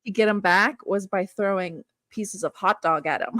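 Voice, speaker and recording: A woman's voice: medium pitch, unhurried, a bit bright, dry recording. A woman in a friendly casual chat, telling a pet story and laughing along.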